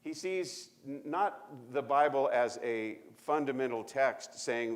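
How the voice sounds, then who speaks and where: A man pastor giving a sermon in a conversational, emphatic way, speeding up and slowing down as he makes his points. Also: medium pitch, expressive. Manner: conversational, emphatic, varies pace and volume freely. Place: church sanctuary.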